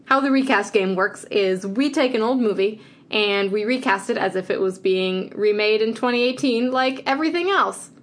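A woman's voice: medium pitch, normal speed. Chatty woman co-hosting a podcast. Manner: playful, chatty, runs the game segment. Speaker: podcast co-host. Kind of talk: casual chat.

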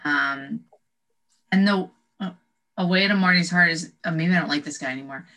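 A woman co-hosting a casual chat, enthusiastic and giggly, pausing often with "um". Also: deep voice, bright, forceful tone, low-quality recording. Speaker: podcast co-host.

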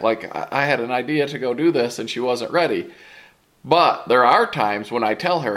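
A man co-hosting a podcast, telling teasing stories about his wife in a relaxed, joking chat. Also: medium pitch, normal speed. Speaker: podcast co-host. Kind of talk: casual chat.

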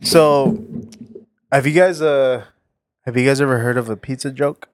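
A man's voice: mid-range voice, measured pace, noisy background. Hesitant man in casual banter. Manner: laid-back, hesitant, laughs at himself. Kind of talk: casual chat.

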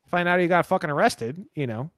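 Profane, animated man with a dry sound. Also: on the high side, fairly quick, dry recording. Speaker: podcast host. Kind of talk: casual chat.

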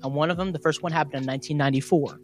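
Over soft background music, a young man with a West Virginia accent races through his podcast notes on cryptids at a very fast clip. His slightly high voice stays fairly even in intonation, though he giggles and laughs often in the casual chat.

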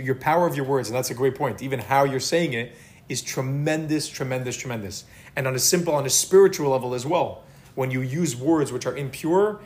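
A man teaching an informal Talmud class, talking casually and repeating words for emphasis. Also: medium pitch.

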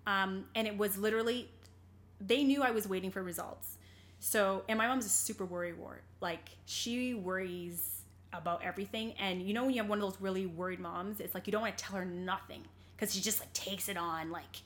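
A woman's voice: mid-range voice, a little fast, fairly bright tone. Earnest young woman telling her story. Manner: earnest, rambling, with many fillers and restarts. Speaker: interview guest. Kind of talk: candid personal storytelling in conversation.

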